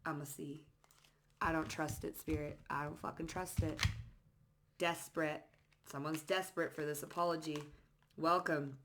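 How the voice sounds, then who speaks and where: A woman with a somewhat low voice talks through a tarot reading in a loose, casual way. She is blunt and sassy and swears freely. She reads out card phrases in short bursts. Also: fairly even intonation, normal speed, pauses often, fairly bright tone, slight background noise. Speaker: psychic tarot reader.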